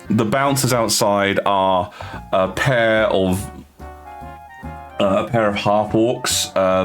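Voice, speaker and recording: A man with a lowish voice narrates as game master of a tabletop game, halting often with fillers and restarts.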